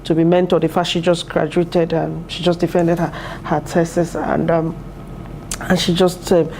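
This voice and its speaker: A woman's voice: on the low side, level tone, normal speed, warm tone, a little hiss or hum. A woman in her thirties, a PhD student and mother, speaking in an interview at her university, earnest and heartfelt, with many fillers and restarts. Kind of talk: interview testimonial. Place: university building.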